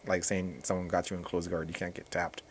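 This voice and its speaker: A man who teaches jiu-jitsu, talking casually as a podcast guest in a relaxed, rambling way with many restarts. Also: deep voice, a little fast, slight background noise.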